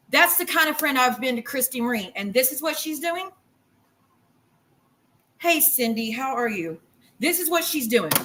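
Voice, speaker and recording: A woman's voice: sits high, sharp tone, poor audio. A woman on a livestream, ranting in a heated, profane and rambling way while cooking in her kitchen. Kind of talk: angry livestream rant.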